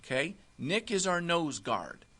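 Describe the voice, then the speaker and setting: A man teaching football defensive alignment step by step, often pausing to check with "okay?". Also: fairly high pitch, sing-song, bright, forceful tone, slightly rough. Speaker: football coach. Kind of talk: instructional walkthrough.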